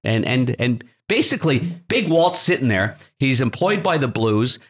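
A man at a mid-range pitch, telling rambling hockey anecdotes as a podcast guest in a studio. He talks casually and often repeats or restarts his words as he tells a story. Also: very animated, normal speed. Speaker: podcast guest, hockey broadcaster and former goalie.

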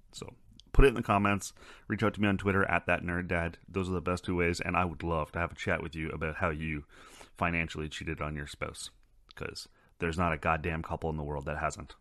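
A man's voice: deep voice, fairly bright tone, dry recording, studio quality. A man hosting a casual podcast chat, swearing freely and wandering into rambling asides. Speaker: podcast host.

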